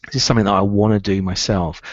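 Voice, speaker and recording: A man's voice: lowish voice, steady tone, fast, dry recording, dull audio. A man giving a training talk on running a recruitment business, emphatic and repeating key phrases to drive them home.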